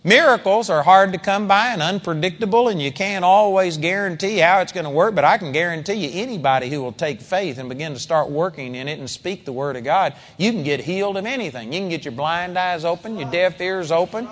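A man preaching a sermon in an animated, conversational way, with sudden loud peaks. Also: high voice, brisk, hardly any pauses, big-room sound.

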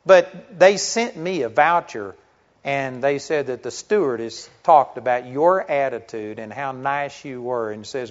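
In a church, a middle-aged man delivers a sermon to his congregation in a conversational way, posing rhetorical questions and telling stories. His voice sits in the mid-range and he speaks unhurriedly. The recording is dull and lo-fi.

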